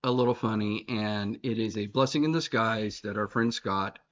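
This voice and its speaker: A man's voice: on the low side, normal speed, highs cut off. Rambling, teasing male podcast host. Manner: rambling, teasing, many restarts. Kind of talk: casual podcast chat. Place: recording room in Boston.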